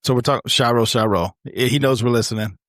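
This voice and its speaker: A man's voice: mid-range voice, a bit bright, no room sound, clean studio sound. Profane, laughing male podcast co-host. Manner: loose and profane, quick to laugh. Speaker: law enforcement officer. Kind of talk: casual barbershop chat.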